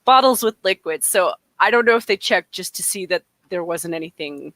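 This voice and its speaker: A woman's voice: lowish voice, animated, normal speed, fairly bright tone, no room sound. A woman from northern Alberta with a Canadian accent, co-hosting a casual podcast chat, rambling and often laughing mid-sentence.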